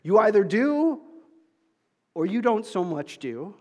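A man preaches from the pulpit in a high, light voice. He shifts between easy conversational asides and loud, pressing questions to the congregation. The sound carries a long, echoing church reverb. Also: sing-song, takes it slowly. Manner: conversational preaching, rising to emphatic calls, dropping to soft asides. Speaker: pastor. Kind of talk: sermon.

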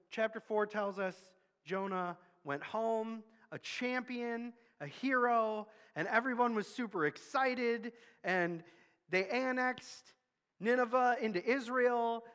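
A man's voice: high-pitched, a bit bright, clear, resonant tone. A man preaching a sermon in a candid, conversational storytelling way. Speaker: pastor. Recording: long hall reverb.

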